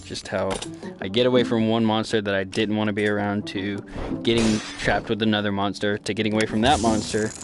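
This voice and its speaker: Young male gaming host, lowish voice, loose jokey recap style, music under him. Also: flat delivery, a little fast. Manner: rambling, joking, swearing storyteller. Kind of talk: comic story recap of a horror game.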